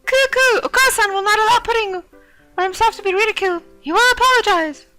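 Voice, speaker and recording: Game character: a woman doing a frantic male pigeon student, very high and bright. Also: fast talker, faint music behind. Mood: indignant. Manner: squawking, high girlish voice. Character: shrill excitable male pigeon schoolboy.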